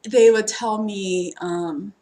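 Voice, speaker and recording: A woman's voice: medium pitch, fairly even intonation, takes it slowly, warm tone. A woman chatting casually and ramblingly as a twin flame tarot reader, with lots of fillers and frequent laughter. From United States. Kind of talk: casual spiritual reading introduction.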